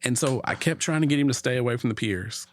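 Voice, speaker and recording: A man's voice: medium pitch, quick pace, slight background noise. A middle-aged man telling a long story in a casual conversation, acting out the voices of the people in it. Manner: animated storyteller, acts out quotes. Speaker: podcast guest.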